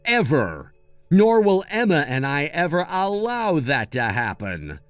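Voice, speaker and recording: A man's voice: a little high, huge pitch swings, measured pace, dry recording. A man narrating a scripted first-person story, speaking firmly and sarcastically, in a dry recording with faint music behind. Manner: firm, scolding and sarcastic.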